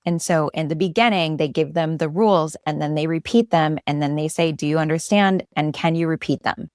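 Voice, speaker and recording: A woman's voice: deep voice, a little fast, darkish tone, smooth, no room sound, clean studio sound. A woman podcast host in casual interview chat, telling a story and acting out the quotes with animation.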